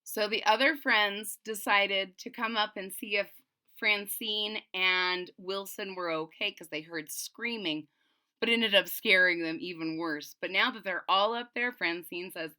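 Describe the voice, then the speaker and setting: A woman reading a picture book aloud to children, pausing to explain the story. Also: mid-range voice, bright, forceful tone, clear, resonant tone. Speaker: storybook reader.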